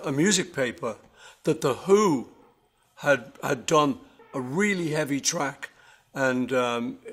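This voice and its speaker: A man being interviewed about his songs, telling stories in a relaxed, rambling way with many self-corrections. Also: fairly high pitch. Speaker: interviewee musician. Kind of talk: casual anecdotal storytelling.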